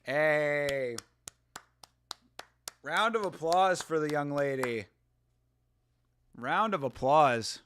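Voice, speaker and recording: A man chatting casually as he reacts live to a grappling event, excitable and laughing often as he talks to his viewers. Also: on the high side, drawn-out words, long pauses, a little hiss or hum.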